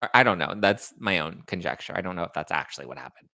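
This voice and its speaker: A man hosts a casual live chat, reading comments aloud and getting sassy and fired up. His delivery is animated, with pitch leaping up in loud outbursts and a gravelly fry when he drops low. The sound is dry and close to the mic. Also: no echo. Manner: sassy, animated, quick to fire up with bursts of loud outrage.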